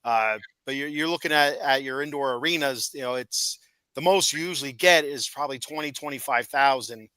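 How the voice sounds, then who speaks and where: A man's voice: mid-range voice, a little fast, pushed and bright, clean tone, no room sound, poor audio. A man hosting a wrestling podcast, talking casually and explaining at length with stammering restarts. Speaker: podcast host.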